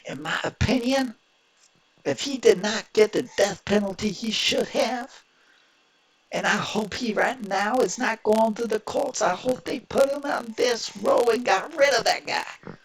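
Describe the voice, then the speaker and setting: A man's voice: high-pitched, wildly swooping pitch, measured pace, creaky, fairly bright tone, breathy edge. A man from Indiana hosting his own political reaction video, talking in an emphatic, rambling and opinionated way. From Indiana, USA. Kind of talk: reaction commentary.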